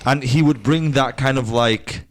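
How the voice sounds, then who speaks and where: A man's voice: mid-range voice, a little slow, slight background noise. A man in a casual podcast debate who rambles and searches for his words. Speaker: podcast co-host.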